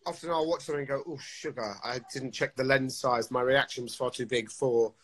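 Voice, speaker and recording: Husky man chatting casually. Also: mid-range voice, fairly quick, fairly bright tone, poor audio. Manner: rambling, self-interrupting and jokey. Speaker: actor and live stream co-host. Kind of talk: casual chat on a live stream.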